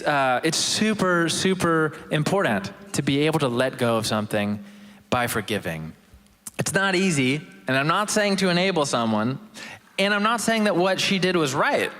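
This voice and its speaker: A man's voice: on the high side, a bit bright. A young man giving a casual, joking testimony talk as a chapel guest speaker. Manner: casual, joking, self-deprecating. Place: university chapel. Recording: long hall reverb.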